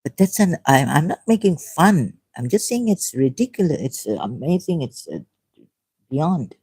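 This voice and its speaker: A woman, hosting a livestream and talking off the cuff in a rambling, animated way, often breaking into laughter. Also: low voice, normal speed, husky. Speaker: livestream host. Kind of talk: unscripted livestream monologue.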